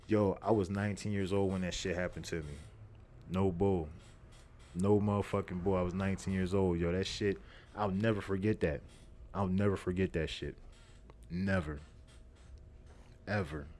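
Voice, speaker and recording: A man's voice: deep voice, darkish tone. A young man, hosting a podcast and telling a story in a profane, repetitive, streetwise way. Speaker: podcast host. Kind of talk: casual storytelling monologue.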